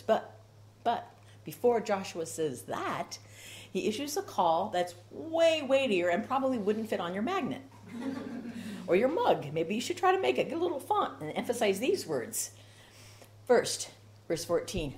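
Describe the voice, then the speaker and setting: A woman's voice: a little high, big pitch swings, a little slow, a little mellow. A woman preaching a sermon with rhythmic repetition and strong emphasis.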